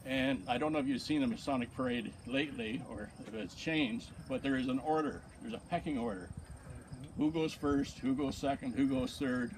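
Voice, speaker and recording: A man with a mid-range voice gives casual acceptance remarks to a gathering at a moderate pace, with background noise behind him. He spins folksy stories and tells a joke, doing the quoted voices himself.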